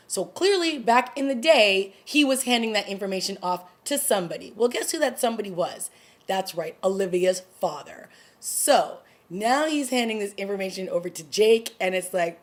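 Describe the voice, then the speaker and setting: A woman hosting her own TV review vlog, talking casually through an episode's plot and acting out the characters' lines in quick asides. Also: mid-range voice, lively intonation. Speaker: TV review vlogger. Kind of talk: casual recap chat.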